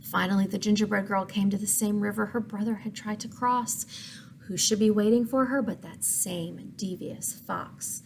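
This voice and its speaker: A woman reading a picture book aloud to children, pausing to ask questions and explain words. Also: medium pitch, creaky, a little hiss or hum. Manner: expressive, asks listeners questions, explains words. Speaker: story reader for children.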